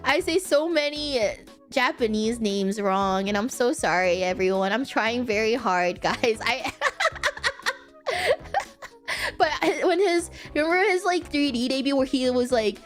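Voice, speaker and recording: A woman's voice: a little high, lively intonation, unhurried, soft background music. Giggly, rambling streamer woman. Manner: rambling, giggly, often corrects herself mid-sentence. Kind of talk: casual livestream chat.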